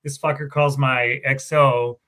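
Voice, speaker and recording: A man's voice: mid-range voice, little pitch movement, measured pace, bright, forceful tone. Profane, rambling middle-aged man. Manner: profane, rambling, self-correcting. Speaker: guest, Marine Corps veteran warrant officer. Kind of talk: casual storytelling interview.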